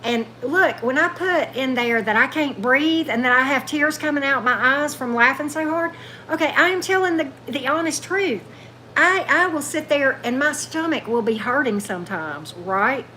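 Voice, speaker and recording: A woman hosts a tarot livestream, chatting loosely and responding to viewer comments as they come in. Her voice is high-pitched, pushed and bright, at a moderate pace, and the low-quality recording has a little hiss or hum.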